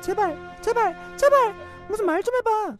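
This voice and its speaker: A man's voice: very high-pitched, animated, faint music behind, pitched above the performer's own voice. A man playing a frustrated young girlfriend. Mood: frustrated pleading. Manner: pleading, rapid, exasperated. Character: young woman nagging her driving boyfriend.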